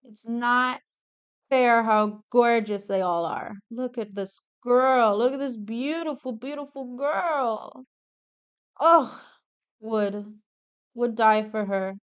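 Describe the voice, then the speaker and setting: The recording is muffled, but her slightly high voice comes through clear and resonant as she takes her time. She's a young adult woman streaming herself drawing commissioned art, casually chatting, gushing over characters, swearing freely, and often trailing off partway through a thought.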